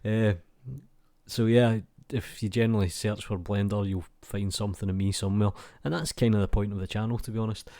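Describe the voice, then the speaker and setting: Laid-back Scottish man, low mellow voice. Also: fairly even intonation, a little fast, no echo, studio quality. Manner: chatty, rambling, laid-back, peppered with "kinda" and "mate". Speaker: YouTube channel host. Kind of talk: casual chat reading viewer comments. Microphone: desk mic without pop filter.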